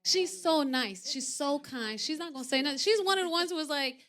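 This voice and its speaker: An actress in her thirties, a guest on a talk show, tells candid stories in animated, brisk conversation. She acts out quoted voices with big leaps in pitch and loudness, and turns soft and low when things get serious.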